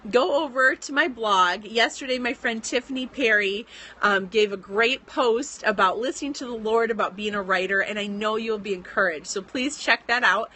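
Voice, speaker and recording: A bright, fairly high-voiced woman in her thirties talks to her viewers in a casual live stream. She sounds earnest and encouraging, chatty with little fillers as she urges fellow writers on. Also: normal speed. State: pregnant.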